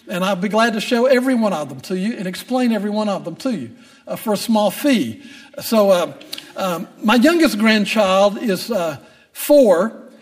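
An older man, a grandfather, preaching a sermon and telling a humorous family story to make his point. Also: sits high. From Texas. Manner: storytelling, humorous asides, rising emphasis. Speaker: pastor.

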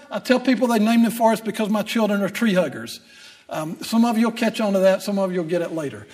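This older pastor from Texas has a remarkably high voice. His sermon opens with a lengthy personal anecdote full of dry wit before shifting to scripture, the emphasis mounting as he hammers his point home.

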